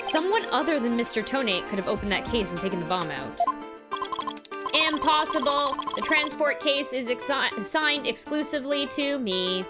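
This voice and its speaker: A woman voicing a stiff adult male bomb-squad officer in a flat, robotic delivery, reading a game's dialogue aloud. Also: high-pitched, normal speed. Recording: loud game music behind.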